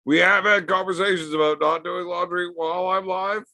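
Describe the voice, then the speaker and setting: Gravelly, bright-voiced man streaming. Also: high-pitched, fairly even intonation, moderate pace. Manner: profane, joking banter reading chat. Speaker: livestream host. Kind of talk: casual livestream chat with viewers. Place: home during a livestream.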